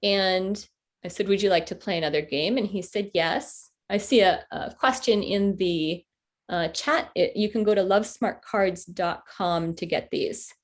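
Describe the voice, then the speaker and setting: A woman in her forties, telling a personal story with halting, heartfelt pauses and fillers as a workshop presenter on a video call. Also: medium pitch. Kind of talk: storytelling talk to an online group.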